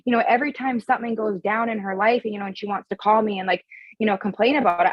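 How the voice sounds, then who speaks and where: A woman with a husky, slightly raised voice talks as a podcast guest, frank and emphatic and cursing without a second thought. The sound is dry and a little dull, as from a modest lo-fi recording. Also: fairly high pitch, very fast, no echo. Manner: frank and emphatic, swears freely. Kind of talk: casual podcast conversation.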